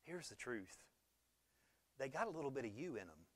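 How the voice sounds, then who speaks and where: A man, preaching a conversational sermon that swings between loud emphasis and quiet low talk. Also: big pitch swings, normal speed, no room sound. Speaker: pastor.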